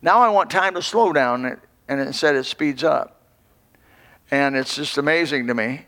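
A man's voice: medium pitch, moderate pace, fairly bright tone. A man in his sixties, a pastor giving a folksy, rambling sermon full of restarts. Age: 60s. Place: church. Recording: long hall reverb.

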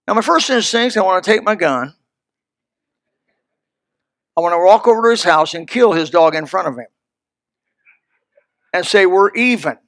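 Male pastor, high voice, folksy emphatic sermon, dry close sound. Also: expressive, normal speed, long pauses, a bit bright, no room sound.

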